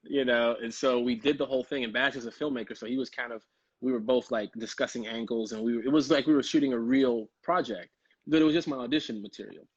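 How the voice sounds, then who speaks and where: A young man from Chicago, a guest actor telling stories in a casual, animated way and laughing often. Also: mid-range voice, quick pace, breathy edge, dry recording, dull audio. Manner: animated, laughing storyteller who slips into quoted voices. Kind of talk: casual storytelling.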